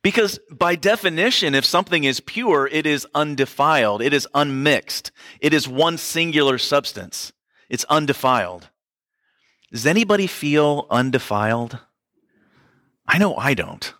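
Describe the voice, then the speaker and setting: Bright-voiced man preaching conversationally. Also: a little high, expressive, a little slow, dry recording, clean studio sound. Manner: conversational preaching with asides to the congregation. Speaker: pastor. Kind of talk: sermon.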